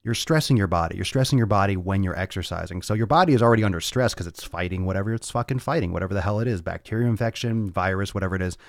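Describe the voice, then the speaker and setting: A man's voice: low voice, rapid-fire, creaky, few pauses, dry recording, studio quality. A man hosting a livestreamed fitness podcast, talking in a brash, profane way straight to his viewers.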